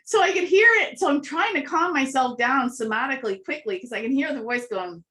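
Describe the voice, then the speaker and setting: A woman telling animated anecdotes as an interview guest, acting out little voices and laughing often. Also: sits high, a little fast. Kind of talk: casual storytelling interview.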